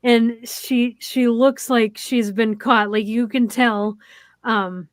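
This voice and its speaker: A woman with a fairly high voice chats through a TV episode, pausing on ums and quoting lines as she goes. The sound is dry and close, with no room echo. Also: fairly even intonation. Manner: retells scenes with many ums and quoted lines. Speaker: podcast co-host. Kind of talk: casual chat recapping a TV episode.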